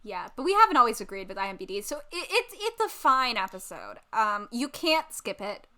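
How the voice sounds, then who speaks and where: A woman's voice: on the high side, sing-song, a little fast, pushed and bright. A woman co-hosting a podcast, chatting casually in a sarcastic, rambling way with lots of ums. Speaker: podcast co-host. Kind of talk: casual chat.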